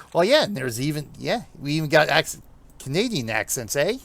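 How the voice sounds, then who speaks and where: Here the streamer, an American man with a Northeastern accent, has a fairly high, creaky, fairly bright voice. He keeps up gameplay commentary with his viewers, wandering off-topic and laughing frequently.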